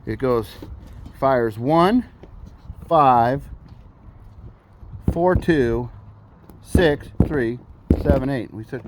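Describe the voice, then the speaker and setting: The recording is very noisy, and his medium-pitched voice goes slowly with frequent pauses. He's a father running a backyard mechanic channel, chatting and poking fun at himself as he works on a car outside in a backyard garage area while rain begins.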